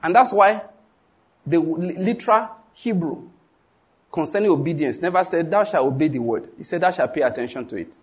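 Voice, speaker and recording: A man's voice: fairly high pitch, expressive, a little fast, breathy edge. A middle-aged man with a Nigerian English accent preaching a sermon, emphatic and questioning the congregation so they finish his lines.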